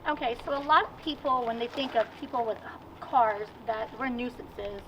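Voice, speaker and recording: A woman with a Virginian accent, a guest in a casual outdoor interview, telling stories in an animated, chatty way. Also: fairly high pitch, normal speed. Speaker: guest, amateur racer. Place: outdoors at a car show. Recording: distant mic, dull sound, faint noise.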